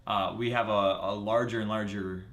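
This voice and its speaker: With a fairly low, steady, fairly bright voice at a moderate pace, a man co-hosts a live running show. The talk is casual live-stream chat as he chattily lists race facts from his notes, heard in a roomy, echoing space.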